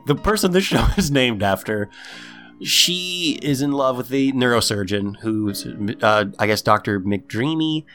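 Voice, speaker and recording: A man with a lively, bouncing voice runs through a TV episode in casual podcast chat. He acts out the characters as he goes and pitches his voice way up for them. Faint music plays under him. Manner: animated storytelling, acts out characters in high voices. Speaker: podcast host recapping a TV episode.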